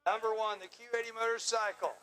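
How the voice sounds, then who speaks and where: A man with a high, ringing voice works the winner's circle at an outdoor drag strip. He jokes, teases and hypes the racers into a handheld microphone, never losing his brash energy. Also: little pitch movement, fast, sharp tone, rough recording. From Long Island, New York. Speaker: track announcer.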